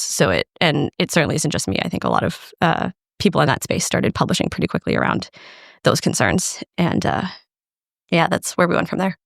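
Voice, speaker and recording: A woman in a podcast conversation, a guest researcher speaking earnestly and haltingly, at times emotional. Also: low voice, gravelly, no room sound, studio quality. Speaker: guest, law PhD researcher.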